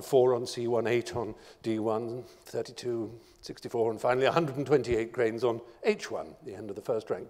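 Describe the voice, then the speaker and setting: A man lectures to a hall, telling a story with a dramatic, expressive delivery and long rolling lists. His voice sits at a middle pitch. It rings out with the long reverb of a large lecture hall. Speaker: guest lecturer.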